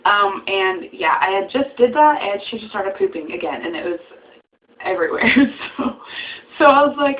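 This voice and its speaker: A woman's voice: mid-range voice, lo-fi sound. Chatty giggly young woman vlogging. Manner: chatty, giggly, lots of fillers. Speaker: vlogger, new mother. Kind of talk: casual chat to camera.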